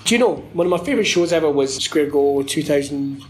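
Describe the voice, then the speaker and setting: Male commentator guest; animated rambler who swears and laughs, pitched a little high. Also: quick pace, soft background music, low-quality recording. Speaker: wrestling commentator. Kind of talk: casual podcast interview.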